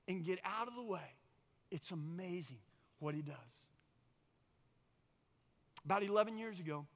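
A man's voice: high voice, long reverb tail. A middle-aged man preaching a sermon as pastor, telling stories with folksy asides. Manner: animated storytelling, folksy asides.

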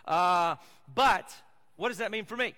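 A man preaching a sermon as pastor, emphatic and swinging between loud passages and hushed ones. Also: high voice, a little slow. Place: church sanctuary. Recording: echoey hall.

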